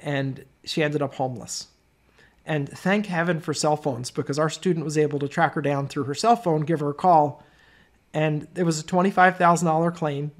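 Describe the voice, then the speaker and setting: A middle-aged man hosting a webinar, telling stories in a chatty way with many asides. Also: fairly high pitch. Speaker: webinar host. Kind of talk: webinar sales talk.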